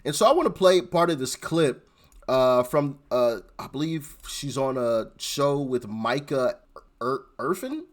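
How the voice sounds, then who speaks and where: A man's voice: medium pitch, lively intonation, a little slow. A man hosting his own channel, talking informally and straight to his viewers in a casual reaction commentary.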